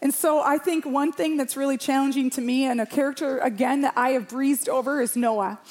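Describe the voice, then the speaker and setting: A woman's voice: high-pitched, fairly even intonation, fairly quick, a little mellow. A woman around forty, a pastor, preaching a sermon to a church congregation in a passionate, emphatic way, repeating phrases for rhythm.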